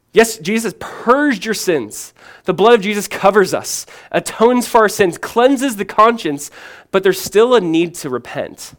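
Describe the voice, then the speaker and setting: A pastor preaching with earnest emphasis, his voice sitting a touch higher than most men's. He poses question after question and answers them, shifting between ringing proclamation and quiet, close asides. He keeps it conversational, dropping in a casual "man" now and then. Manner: earnest and emphatic, asks and answers questions, swings from loud to hushed. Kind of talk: sermon.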